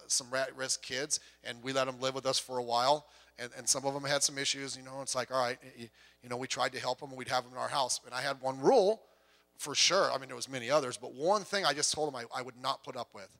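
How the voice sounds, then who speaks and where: A man's voice: fairly high pitch, bright, forceful tone. A middle-aged man preaching a sermon as a pastor, telling stories conversationally and acting out the dialogue in them.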